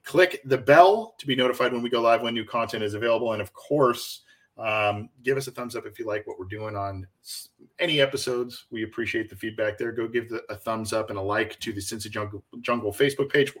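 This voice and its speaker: A man's voice: medium pitch, a little fast. A man hosting a casual sports podcast, talking in a chatty, conversational way with plenty of fillers. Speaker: podcast host.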